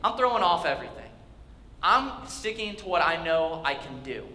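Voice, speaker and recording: A young male pastor voicing a cocky, eager teenage boy, slangy and excited, in an echoey hall. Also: a little high, moderate pace. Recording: echoey hall with faint ambience.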